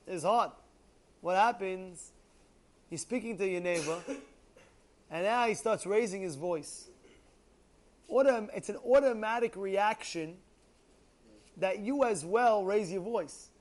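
A man teaching a Torah class, reading lines and explaining them in animated swings between loud and soft. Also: extremely high pitch.

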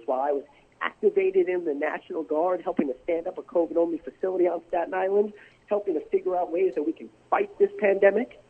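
A man's voice: high voice, breathy edge. A man, a congressman, guest on a radio interview, pressing political talking points and restarting his sentences. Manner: combative political talking points, repeats words when starting. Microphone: telephone. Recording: tinny phone line.

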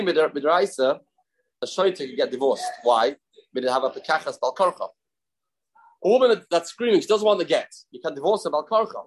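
A man teaching a daily Talmud class, explaining quickly and mixing in Aramaic terms with frequent restarts. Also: fairly high pitch, rough recording.

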